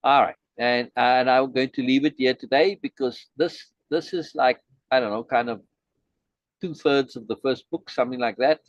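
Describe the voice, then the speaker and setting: A man's voice: mid-range voice, fairly even intonation, normal speed, no echo. Male teacher explaining a text, emphatic and repetitive, mid-range voice, dry lo-fi recording. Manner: emphatic, repeats key points, frequent "right?" tags. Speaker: teacher leading a study session.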